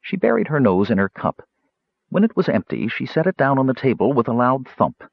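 A man narrating a fantasy audiobook in an expressive storytelling manner. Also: medium pitch, a little fast, creaky, dry recording, lo-fi sound. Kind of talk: scripted narration.

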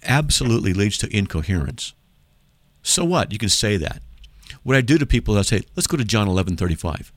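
Animated, lively-pitched male radio host. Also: fairly quick, dry recording. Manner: animated, emphatic, argues by playing out mock dialogues. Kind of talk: call-in radio apologetics talk.

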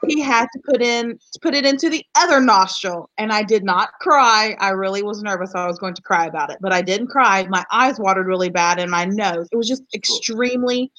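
A woman from West Virginia co-hosts a casual podcast. She rants bluntly through her story and swears freely. Her voice sits at a middling pitch. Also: brisk, few pauses, fairly bright tone. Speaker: podcast co-host. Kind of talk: casual chat.

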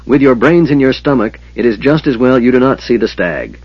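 A man's voice: mid-range voice, wildly swooping pitch, slow pace, slightly rough, no room sound, lo-fi sound, pitched above the performer's own voice, full character voice. A man voicing a feverish, proud young knight who talks intensely and sharply. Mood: scornful. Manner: intense, snapping, sometimes strained.

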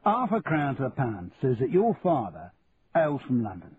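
A man's voice: mid-range voice, wildly swooping pitch, moderate pace, husky, heavily acted. A man voicing a chummy Cockney businessman in his sixties with blunt, matey banter. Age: 60s. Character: sixty-four-year-old Cockney businessman, shrewd and chummy. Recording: tinny lo-fi audio with faint hiss.

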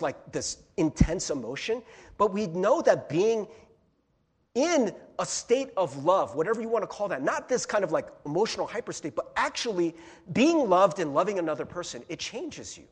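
Lively, husky-voiced man preaching casually. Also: high-pitched, moderate pace. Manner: casual, chatty preaching with many "right?" asides and playful impressions. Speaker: pastor. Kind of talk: sermon.

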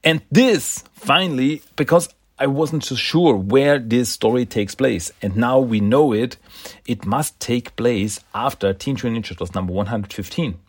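A man's voice: medium pitch, a little slow, breathy edge, dry recording. A man casually recapping a comic book issue, enthusiastic and rambling, often laughing and restarting words.

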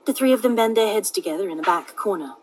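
A woman's voice: medium pitch, expressive, quick pace, a little mellow, a little hiss or hum, low-quality recording. A woman reading fan fiction aloud and chatting, giggly and self-deprecating. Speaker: fan fiction reader, co-host. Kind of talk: casual chat and reading aloud.

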